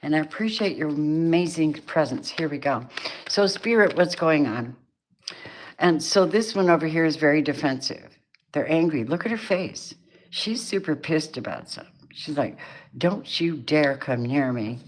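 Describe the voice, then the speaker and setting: A middle-aged woman talks through a tarot reading in a casual, chatty way. Her voice sits low, and she laughs often and slips into playful voices for the people in the cards. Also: expressive, moderate pace. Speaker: tarot reader.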